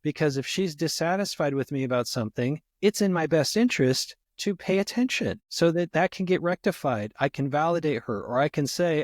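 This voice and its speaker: A man's voice: fairly high pitch, expressive, a little fast, hardly any pauses, dry recording, studio quality. A man speaking as a guest therapist in a conversational podcast interview, reflective and full of "you know" fillers.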